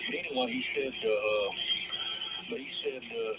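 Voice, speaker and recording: A man's voice: mid-range voice, steady tone, normal speed. A man, a guest in an interview, telling his story in a rambling way, repeating himself and quoting others at length. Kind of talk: casual storytelling. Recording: loud background noise.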